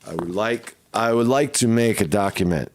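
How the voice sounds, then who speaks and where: A man with a fairly low voice and a rough, flu-sick throat, talking casually to his viewers. He rambles, swears freely and keeps asking "right?". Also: normal speed, a little hiss or hum. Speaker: vlogger. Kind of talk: casual live-stream monologue.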